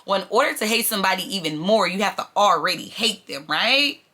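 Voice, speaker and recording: A woman's voice: mid-range voice, animated, fairly quick, sharp tone. A woman chatting casually to camera from a small bedroom in her mother's house, drifting from personal sidebars into preaching. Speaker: vlogger.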